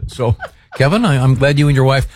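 A man's voice: mid-range voice, brisk, dry recording. A man co-hosting a radio show, reading listener letters in a dry, mock-formal way.

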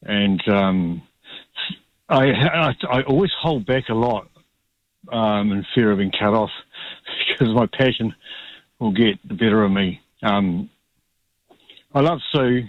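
A man with a New Zealand accent calling in to talkback radio, speaking haltingly with many ums. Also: fairly low pitch, no echo. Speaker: caller. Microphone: phone line. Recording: dull phone line.

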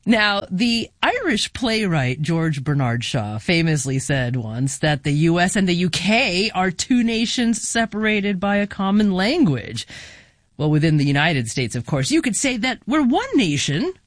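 A woman hosting a national radio talk show, reading a measured, articulate script. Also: on the low side, sing-song, dry recording, clean studio sound. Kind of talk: scripted broadcast narration.

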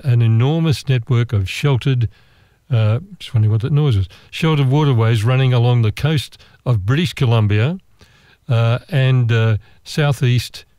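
An Australian man telling a travel story in a relaxed, meandering, chatty way, with asides and restarts. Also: mid-range voice, dry recording. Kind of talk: relaxed travel anecdote monologue.

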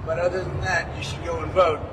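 A man giving rambling off-the-cuff remarks to the press, repetitive and halting. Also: fairly high pitch, flat delivery, distant mic, very noisy. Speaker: politician talking to press.

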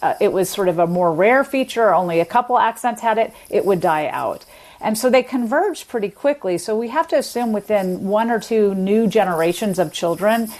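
A woman guest explaining the history of accents in a measured, academic way during an interview. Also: mid-range voice, a little mellow. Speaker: linguist guest.

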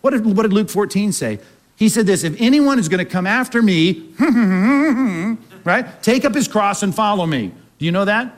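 Male pastor, high voice, preaching a sermon, chatty, keeps asking the crowd questions. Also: expressive, brisk. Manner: conversational preaching with frequent rhetorical questions.

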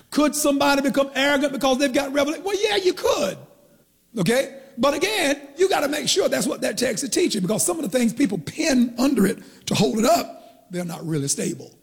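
A man's voice: very high voice, creaky, slightly rough, big-room sound. A man preaching a teaching sermon, who asks the congregation questions and draws out the key words. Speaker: pastor.

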